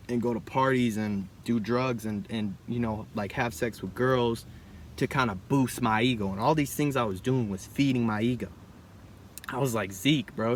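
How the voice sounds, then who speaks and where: A young man thinks out loud in a loose, rambling way, often tossing in "bro" and "right?" as he goes. His voice sits at an ordinary middle pitch. A faint hiss runs under the recording. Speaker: vlogger. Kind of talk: casual reflective monologue.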